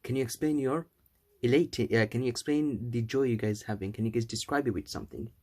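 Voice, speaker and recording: A man's voice: mid-range voice, brisk, darkish tone, lightly acted. A man voicing a proud, short-tempered male king in a told fable, commanding and impatient. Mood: demanding.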